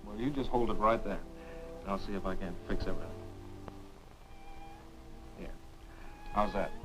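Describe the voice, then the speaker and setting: An actor playing a gentle, teasing young lawyer in a 1940s film. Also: male voice, lowish voice, normal speed, loud music behind the voice, natural voice, low-quality recording. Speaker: lawyer leaving for a new post.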